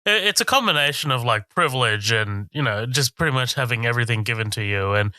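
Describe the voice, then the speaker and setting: Very bright-voiced laid-back man. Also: medium pitch, expressive, fast talker, no room sound. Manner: laid-back, agreeable, says dude a lot. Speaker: podcast co-host. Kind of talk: casual film-review chat.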